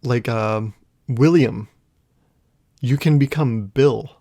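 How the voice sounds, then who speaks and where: Young man, podcast host, gravelly voice, rambling comic monologue, laughs at own jokes. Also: medium pitch, slow, warm tone. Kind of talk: casual solo comedic monologue.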